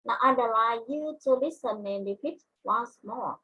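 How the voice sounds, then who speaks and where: Vietnamese-accented woman, English teacher, husky voice, unhurried classroom delivery. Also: on the high side, muffled recording. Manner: slow, deliberate, repeats words for learners. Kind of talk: classroom lesson.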